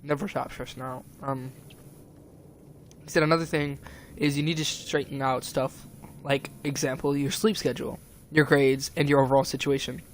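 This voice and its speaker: A man's voice: medium pitch, level tone, normal speed, slight background noise. A young man streaming, rambling and agitated as he retells a falling-out, with lots of fillers and restarts. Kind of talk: casual stream chat, retelling a conversation.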